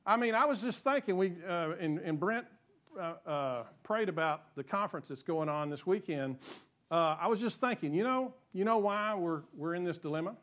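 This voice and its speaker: A man's voice: high voice, lively intonation, normal speed, fairly bright tone. A pastor preaching a sermon to his congregation, impassioned and repeating himself as he gets fired up. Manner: repeats and restarts phrases. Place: church sanctuary.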